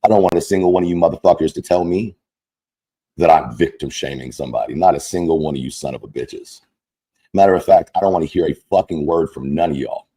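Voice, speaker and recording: A man's voice: deep voice, warm tone, husky. A man delivering an angry, profane, mocking rant as a content creator. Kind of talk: angry ranting monologue.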